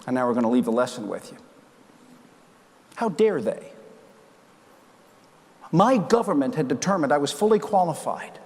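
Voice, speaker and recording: A man's voice: on the high side, slight background noise. A man in his sixties, a keynote speaker, telling stories on stage and acting out the dialogue. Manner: animated storyteller acting out dialogue. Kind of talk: keynote speech storytelling. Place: large conference hall. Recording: long hall reverb.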